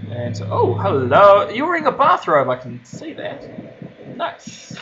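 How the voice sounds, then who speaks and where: A man's voice: sits high, huge pitch swings, takes it slowly, background noise. A young man in casual commentary while playing a horror game late at night at home, laughing, swearing and yelping when startled. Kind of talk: casual let's-play commentary. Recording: dull lo-fi game recording with loud game music.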